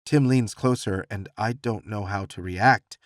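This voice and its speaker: A man narrating a first-person romance audiobook with expressive, reflective storytelling. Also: lowish voice, a little slow, no echo, studio quality.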